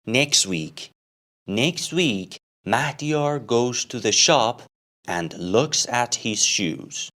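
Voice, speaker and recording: A man's voice: mid-range voice, animated, drawn-out words, fairly bright tone. A man telling a simple story as an English lesson, asking questions about it and answering them himself. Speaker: English teacher.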